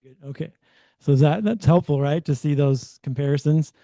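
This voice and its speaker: Man, host, casual commentary, very mellow voice, dry close sound. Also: a little high, normal speed, no echo. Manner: loose, restarts often.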